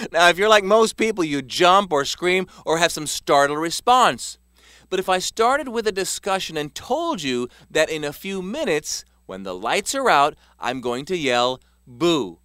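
A man reading a self-help text aloud as scripted narration, measured and emphatic. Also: fairly high pitch, pushed and bright, clear, resonant tone, no room sound, clean studio sound. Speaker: author narrating his self-help book.

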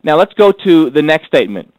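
A man's fairly high voice leads a workbook lesson in a dry, close sound. He repeats key phrases slowly so listeners can fill in the blanks, and he keeps an earnest, motivational tone. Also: very animated, no room sound, low-quality recording. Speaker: course instructor.

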